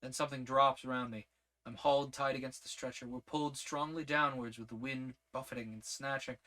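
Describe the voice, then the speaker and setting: This male audiobook narrator tells a first-person tale at medium pitch, keeping his reading steady and measured.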